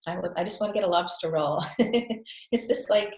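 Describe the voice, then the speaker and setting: A woman's voice: on the low side, brisk, a little mellow, echoey room, low-quality recording. A woman with a faded Boston accent, chatting casually as a guest health coach, repeating words and laughing often. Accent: Boston, mostly faded. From New England. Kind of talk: casual video call chat.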